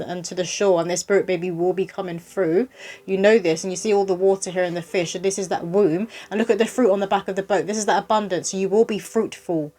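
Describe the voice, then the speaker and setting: A woman's voice: medium pitch, steady tone, fast, mellow. A woman giving a chatty, reassuring tarot reading and speaking straight to the viewer. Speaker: psychic medium doing a tarot reading. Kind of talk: casual spoken tarot reading.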